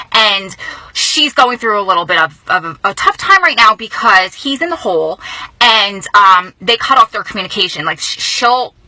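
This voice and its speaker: A woman vlogging from a car, telling news in a casual, emotional and excited way, often speeding up. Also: mid-range voice, dry recording, rough recording. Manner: excited, emotional, talks fast in bursts. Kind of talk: casual vlog storytelling. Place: inside a car.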